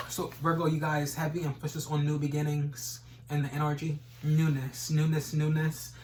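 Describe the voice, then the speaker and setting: A man's voice: fairly high pitch, level tone, moderate pace, hardly any pauses, a little hiss or hum, low-quality recording. A man giving a casual tarot reading, rambling and repeating stock phrases, swearing now and then. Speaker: tarot reader.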